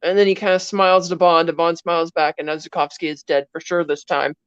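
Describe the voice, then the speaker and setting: A woman's voice: fairly low pitch, flat delivery, quick pace, clear, resonant tone, dry recording, lo-fi sound. A woman co-hosting a podcast, animatedly retelling a film scene in casual chat and briefly acting out the characters' lines. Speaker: podcast co-host.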